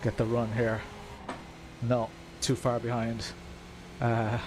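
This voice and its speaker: A young man streaming a sim race with live, chatty commentary. His pitch sits right in the middle range for a man. He rambles and restarts his sentences as he drives. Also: monotone, slow pace, pauses often, background noise.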